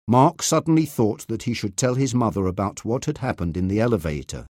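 A man reading a story aloud as narrator, slowly, clearly and deliberately. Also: fairly low pitch, lively intonation, darkish tone, no echo, clean studio sound. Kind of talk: scripted narration of a graded reader.

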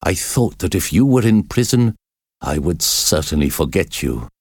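A man's voice: deep voice, very animated, a little mellow, breathy edge, no room sound, clean studio sound, full character voice. A man doing a tormented obsessive priest. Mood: brooding. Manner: slow agonized confession. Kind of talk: storybook reading.

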